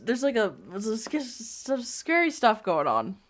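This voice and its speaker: A woman's voice: a little high, sing-song, unhurried, few pauses. A woman streamer reading bad fanfic aloud, with giggly, incredulous comedic asides.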